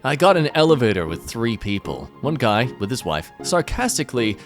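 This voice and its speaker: A man reads online posts aloud and adds dry, sarcastic remarks between them. His pitch rises and falls a lot as he jokes. Faint music plays behind him. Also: big pitch swings, normal speed, hardly any pauses. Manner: sarcastic, wry commentary. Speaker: narrator reading posts aloud. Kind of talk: comedic reading of social media posts.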